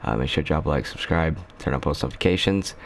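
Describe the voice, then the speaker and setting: A man with a very low voice spins a casual storytime for his channel. He rambles along loosely, leaning on slang and filler words as he goes. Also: fast talker, gravelly, slight background noise. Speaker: YouTuber.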